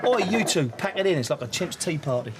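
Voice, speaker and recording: A brisk, scolding dad. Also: male voice, a little high, very animated, heavy background noise. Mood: gruff. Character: gruff, sharp-tongued working-class dad. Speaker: father of two grown sons.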